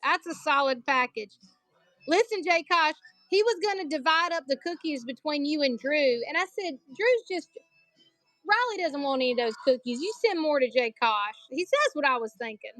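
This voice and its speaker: A woman's voice: high voice, expressive, a little fast, a bit bright, no room sound, soft background music. A woman selling collectible banknotes on a live stream, chatty and joking, calling her viewers y'all.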